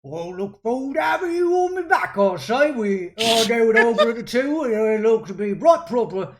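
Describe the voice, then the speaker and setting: A game master voicing a boastful old male dwarf veteran who talks loudly in a thick, rambling accent. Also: mid-range voice, sing-song, normal speed, noisy background, pitched above the performer's own voice, lightly acted.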